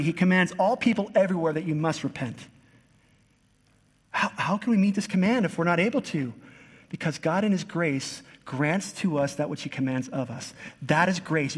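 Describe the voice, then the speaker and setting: A man's voice: fairly high pitch, slightly rough. A man preaching an earnest, emphatic sermon as a pastor. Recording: long hall reverb.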